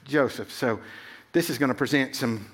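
A man's voice: mid-range voice, moderate pace, breathy edge. A middle-aged male pastor giving a sermon in a casual, conversational way, often checking in with 'right?'.

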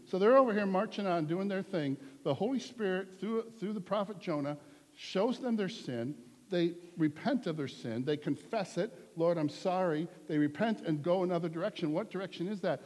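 A man's voice: fairly high pitch, darkish tone. A male pastor preaching a sermon in an earnest, conversational way, repeating points for emphasis. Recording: long hall reverb.

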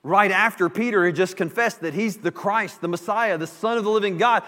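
A man pastor preaching a sermon, animated and emphatic, repeating key phrases. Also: sits high, fairly quick. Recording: long hall reverb.

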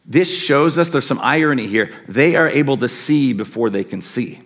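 A man's voice: mid-range voice, animated, moderate pace, fairly bright tone. A man preaching a sermon as a pastor, earnest and emphatic, his intensity rising and falling.

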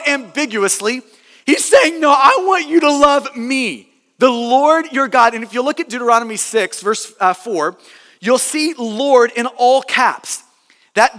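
A man's voice: high voice, a bit bright, in a large hall. A male pastor preaching a sermon, earnest and emphatic, often restarting and repeating words for stress.

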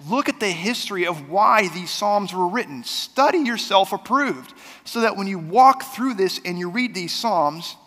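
A man preaching a sermon as pastor, talking in a conversational way that swings between loud and soft. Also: sits high, animated, measured pace, few pauses, big-room sound. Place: church sanctuary.

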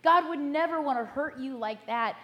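Woman pastor preaching, earnest, fairly high voice, slows way down on big words. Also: muffled recording. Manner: earnest, measured, slows for emphasis. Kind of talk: sermon.

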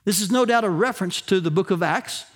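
A male pastor preaching a sermon, rising in emphasis on key points and slowing down to stress phrases. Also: high voice, fairly bright tone.

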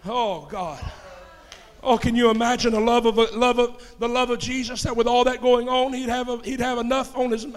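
A male preacher, delivering an impassioned sermon that swings from shouts to hushed tones. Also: extremely high pitch, fairly even intonation, normal speed. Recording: reverberant hall.

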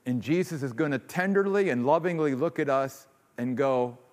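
A man's voice: moderate pace, a little mellow. A man preaching a sermon as pastor, earnest, acting out quoted voices, then leading a closing prayer in a church. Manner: earnest, acts out quoted voices with rising pitch. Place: church sanctuary. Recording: long reverb of a large hall.

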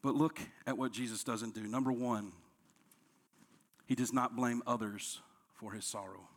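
A man, a pastor, preaching a sermon, dropping to soft, low lines and rising when he acts out quoted complaints. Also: steady tone, a little slow. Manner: preaching with strong swings between soft, low lines and raised, higher quoted outbursts.

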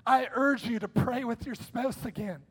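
Man, pastor, very high voice, lively sermon, bursts of shouting. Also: normal speed, husky. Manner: energetic, conversational preaching with sudden shouts. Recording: long hall reverb.

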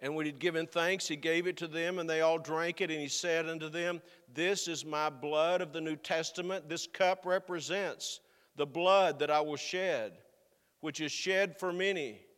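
Male pastor, fairly high voice, earnest sermon, slows for emphasis, church hall reverb. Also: steady tone, a bit bright, clean tone. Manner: earnest, building to slow emphatic stresses.

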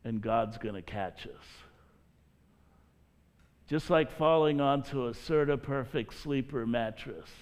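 A man preaching a sermon as a pastor, earnest and deliberate, with drawn-out pauses, speaking to his listeners as brothers and sisters. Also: mid-range voice, clean tone.

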